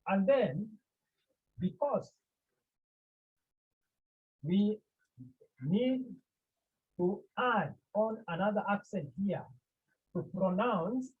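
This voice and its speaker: A Greek teacher gives a class lecture slowly and deliberately, sounding out words syllable by syllable, asking the class questions and then answering them. The voice is medium-pitched, husky and lively in intonation. The online class audio sounds tinny, like a phone.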